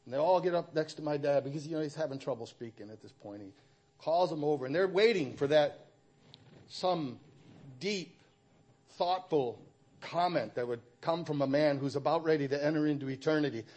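A middle-aged man giving a personal church testimony, speaking haltingly with frequent restarts. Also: on the high side, a little mellow.

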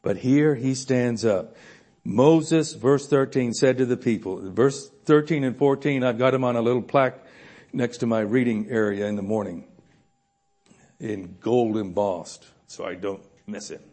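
A man preaching a sermon in a church room, animated, swinging between loud emphasis and soft asides with frequent chuckles. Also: medium pitch, unhurried.

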